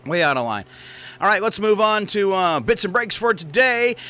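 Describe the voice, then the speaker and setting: Man, radio host, studio mic, teasing banter, chuckling, bright, animated pitch. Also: normal speed, clear, resonant tone. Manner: teasing, chuckles often, jokey asides.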